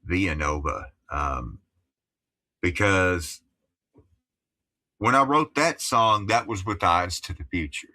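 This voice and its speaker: Here a fifties-aged man from Appalachia, USA, a musician being interviewed casually, talks slowly and pauses often. His low-pitched voice is pushed and bright with lively intonation, and though his English is careful and broadcast-style, he's chatty and rambling, restarting often and leaning on "you know."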